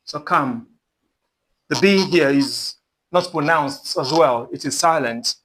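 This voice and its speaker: A man teaching English pronunciation, slowly repeating each word and example sentence so learners can copy him. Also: fairly high pitch, a bit bright. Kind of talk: pronunciation lesson.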